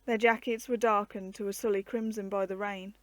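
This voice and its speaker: Storyteller: woman, mid pitch, steady measured reading, dry close sound. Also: no echo.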